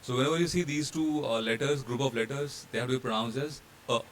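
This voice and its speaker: Indian male instructor, mid-pitched, patient slide-by-slide explainer, faint hiss behind. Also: fast. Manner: explanatory, with fillers and restarts, spelling out letters. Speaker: hotel training instructor. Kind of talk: slide-based pronunciation lesson.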